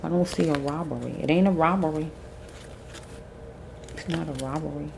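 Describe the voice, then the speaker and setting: Low-voiced woman reading tarot cards. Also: creaky, noisy background. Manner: relaxed, thinking aloud with pauses; chewing a mint while talking. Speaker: tarot reader.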